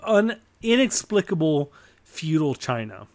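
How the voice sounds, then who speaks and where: Male podcast co-host, laid-back, slightly higher voice, short replies. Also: sing-song, measured pace. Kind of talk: casual chat about movies.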